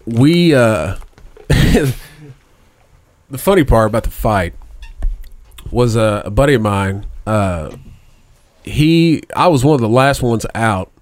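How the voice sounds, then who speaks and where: A man's voice: mid-range voice, expressive, takes it slowly, long pauses. A middle-aged man telling a long profane story in a casual chat, rambling and laughing at his own tale.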